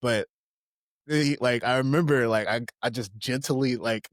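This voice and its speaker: A young man co-hosting a podcast, telling rowdy stories in casual chat and breaking into high-pitched impressions of friends. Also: normal speed, no room sound, studio quality. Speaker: podcast co-host.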